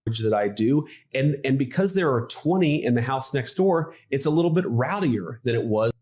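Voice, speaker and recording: A man in a played interview clip, giving answers in a measured, explanatory way. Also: mid-range voice, expressive, darkish tone. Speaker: politician.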